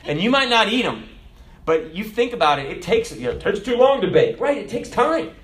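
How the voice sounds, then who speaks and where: A middle-aged man preaching a sermon as a pastor, telling stories and jumping from loud, high bursts to soft, low asides. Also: fairly quick. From America. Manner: animated storytelling preacher, jumps loud and high then drops soft.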